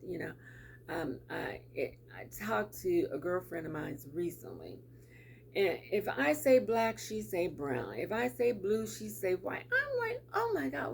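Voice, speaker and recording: Chatty woman with a gravelly low voice. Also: a little hiss or hum. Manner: chatty, repeats words, laughs often. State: teary. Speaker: vlogger. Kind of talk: casual talk to camera.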